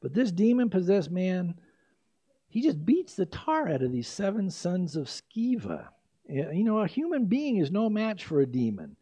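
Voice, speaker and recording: An older man preaching a sermon with animated emphasis and quick asides. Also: sits high, no room sound. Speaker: pastor. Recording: dry, slightly dull lo-fi recording.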